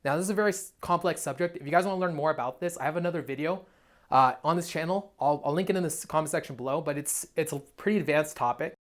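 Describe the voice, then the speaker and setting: A man's voice: fairly high pitch, fast. A young man, a dating coach, giving a blunt, profane, emphatic motivational monologue. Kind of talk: motivational self-help monologue.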